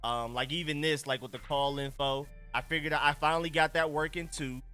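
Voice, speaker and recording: A man's voice: on the high side, fairly even intonation, brisk, bright, forceful tone. A man hosting a casual live stream, chatting in a laid-back, slangy way while he adjusts his settings. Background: faint music.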